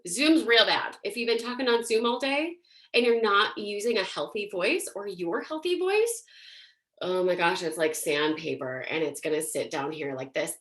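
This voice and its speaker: A woman's voice: on the high side, bright, forceful tone. A woman teaching a singing and voice workshop in a casual, chatty way, often using fillers. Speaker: singing and voice instructor.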